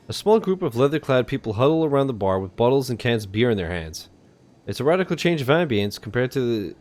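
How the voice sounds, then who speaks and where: A man's voice: medium pitch, darkish tone. A male streamer reading a visual novel aloud steadily, with occasional hesitations.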